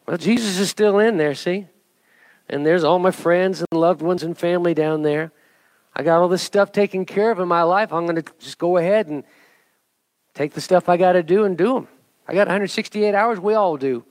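A middle-aged male pastor with a high-pitched voice preaches a sermon built around an object lesson. Jokey and animated at a moderate pace, he builds to emphatic calls to the congregation. The recording has no echo.

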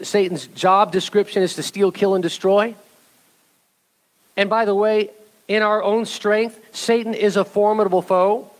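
A man's voice: sits high, low-quality recording. A man pastor preaching a sermon, talking straight to his congregation and building to fervent exhortation. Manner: rising to fervent exhortation, addressing the church.

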